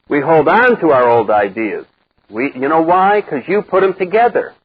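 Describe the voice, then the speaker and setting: An older man speaking to a live recovery group, blunt and wry, acting out the voices he quotes in a lively way. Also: on the high side, normal speed, breathy edge. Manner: animated storyteller who acts out quoted voices, wry and blunt. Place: meeting room with a live group. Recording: dull lo-fi 1990s cassette recording.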